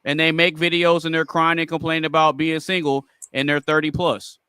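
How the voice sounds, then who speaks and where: A man's voice: a little high, flat delivery, a little fast, pushed and bright, clear, resonant tone, dry recording, clean studio sound. A man on a casual podcast panel who argues bluntly and repeats his point again and again.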